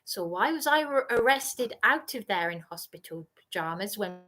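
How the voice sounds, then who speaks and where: A woman's voice: medium pitch, expressive, normal speed, sharp tone. A woman ranting angrily on a livestream, accusing and repeating herself. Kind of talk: angry livestream rant.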